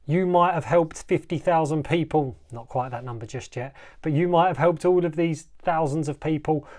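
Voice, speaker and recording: A man's voice: fairly high pitch, darkish tone. Emphatic man hosting a motivational podcast. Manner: emphatic, repetitive, slows for dramatic effect. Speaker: life coach, podcast host.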